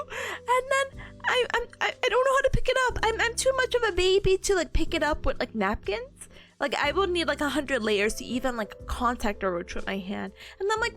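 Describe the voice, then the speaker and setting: A woman's voice: very high voice, huge pitch swings, a little fast, fairly bright tone, faint music behind. A woman in her twenties chatting on a study stream at home on a desk mic, rambling and giggling through stories. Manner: bubbly, giggly, rambling storyteller. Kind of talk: casual study stream chat.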